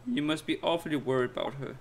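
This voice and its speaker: A man's voice: medium pitch, fast, a little hiss or hum, close to an everyday voice. A man doing a gossipy old neighbor lady. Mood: gossiping. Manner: chattering, sighing, calls everyone dear. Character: gossipy old woman neighbor, fussy and kindly. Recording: game music behind the voice.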